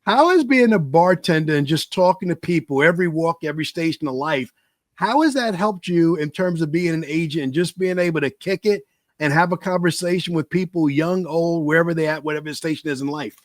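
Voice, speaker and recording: A man's voice: on the high side, a little fast, no echo, clean studio sound. A man hosting a podcast with an enthusiastic, hype-style delivery. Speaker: podcast host.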